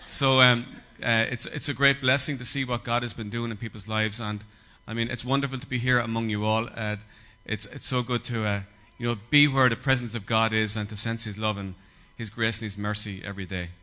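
A man's voice: medium pitch, level tone, a little fast, hardly any pauses, pushed and bright. An Irish man, a guest pastor, giving an earnest, hesitant greeting to a congregation. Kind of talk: church greeting.

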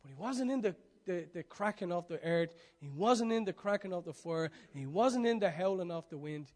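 Animated preacher, high voice. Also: male voice, moderate pace. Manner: animated, swings from loud urging to hushed near-whisper. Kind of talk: sermon.

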